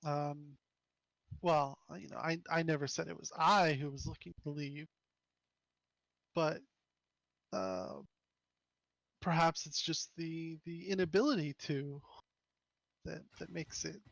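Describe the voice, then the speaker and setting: A male player speaking in character in a hesitant, polite way, with many false starts. His voice is fairly high and gravelly, and his pace is slow. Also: fairly bright tone, no room sound, low-quality recording. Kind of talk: in-character role-play.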